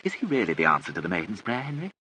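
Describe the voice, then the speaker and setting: A man's voice: low voice, wildly swooping pitch, very fast, bright, forceful tone, a little hiss or hum, voice pushed up, exaggerated voice, poor audio. A man voicing a theatrical, flippant young aristocratic woman with breezy upper-class chatter.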